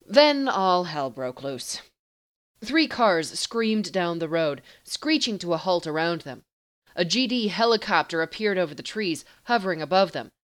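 A woman reading fan fiction aloud as an audiobook narrator with steady, even storytelling. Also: lowish voice, measured pace.

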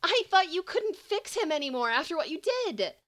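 Woman doing a high, incredulous young woman. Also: big pitch swings, normal speed, heavily acted. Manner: incredulous, gently earnest. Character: young woman, gentle and easily surprised.

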